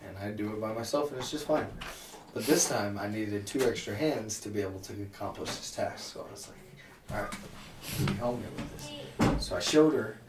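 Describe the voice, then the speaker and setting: A man's voice: fairly low pitch, fairly quick. Young guy guesting on a podcast, self-deprecating, swearing, sounds far from the mic in an echoey room w/ a faint hiss. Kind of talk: casual chat. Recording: roomy, distant mic.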